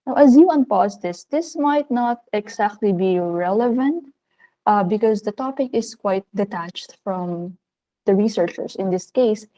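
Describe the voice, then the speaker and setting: Woman, Filipino accent, teacher, recorded video lesson, upbeat, animated, mellow voice, middle pitch. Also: a little slow, low-quality recording. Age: adult of working age.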